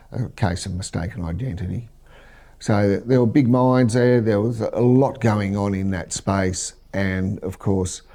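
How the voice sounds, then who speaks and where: A middle-aged Australian man, a military veteran, recounting war memories in a measured, halting interview. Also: sits low, vocal fry, dark tone.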